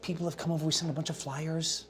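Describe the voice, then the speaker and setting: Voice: medium pitch, little pitch movement, fast talker, natural voice. A game master voicing a flustered young woman event manager who rambles, apologizes and talks in casual slang.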